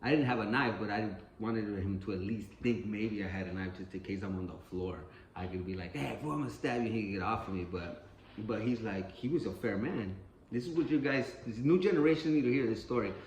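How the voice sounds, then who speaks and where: A man's voice: on the low side, a little fast, a little hiss or hum. A man telling a street story in a casual, rambling and profane way, often repeating himself. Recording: roomy echo, faint ambience.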